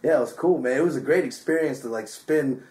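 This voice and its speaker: Buzzed dude dj rambling excitedly, swears a lot, roomy hotel echo. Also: male voice, mid-range voice, fast talker, slight background noise. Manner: excitable, swears often, heavy "like" fillers. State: a bit drunk. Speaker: DJ and guest. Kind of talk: casual storytelling chat. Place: hotel room.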